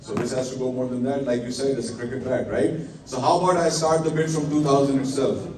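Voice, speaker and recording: A man's voice: medium pitch, steady tone, fast talker. A man running a live charity auction, coaxing the crowd to bid and thanking donors with blessings. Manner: upbeat, coaxing bids, peppered with religious blessings. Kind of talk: live fundraising auction calling. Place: large indoor event hall. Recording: echoey hall, mic at a distance.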